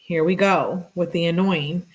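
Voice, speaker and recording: A woman's voice: unhurried, poor audio. A young adult woman reading text messages aloud with commentary, her voice lifting slightly for the girl's lines. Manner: flat reading voice, pitch lifts for the girl's texts. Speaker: true crime commentator.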